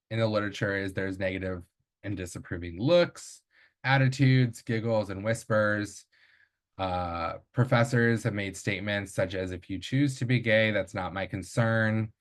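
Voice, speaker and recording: Man, lowish voice, academic presenter; measured delivery with fillers and self-corrections.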